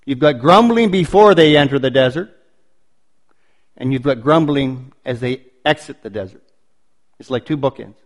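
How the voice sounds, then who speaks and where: A man preaching a sermon, building points through emphatic repetition and slowing down on stressed phrases. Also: mid-range voice.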